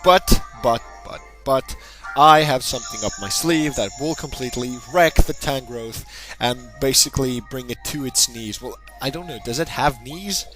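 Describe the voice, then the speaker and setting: A man narrating a game battle in a casual, rambling way, cracking jokes and breaking into excited bursts now and then. His voice sits at an ordinary middle pitch. Background music plays clearly behind him. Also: normal speed, poor audio. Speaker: gaming channel host. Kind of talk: casual battle commentary over gameplay.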